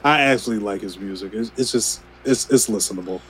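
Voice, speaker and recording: A man's voice: on the low side, fairly quick, fairly bright tone, a little hiss or hum, rough recording. A man co-hosting a podcast in casual chat, laughing easily and often restarting his sentences. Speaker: podcast co-host.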